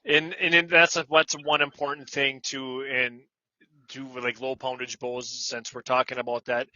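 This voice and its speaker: A man talking casually as an interview guest, pausing often with fillers and restarting his sentences. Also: medium pitch, little pitch movement, sharp tone, dry recording. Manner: hesitant, many fillers and restarts. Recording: dull, dry lo-fi sound.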